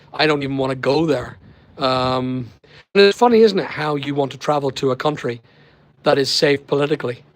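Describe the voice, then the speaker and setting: A man with a Northern Irish accent, hosting a casual live stream and chatting with viewers by name in a rambling way. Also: medium pitch. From Northern Ireland. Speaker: livestream host. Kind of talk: casual live chat reading viewer comments.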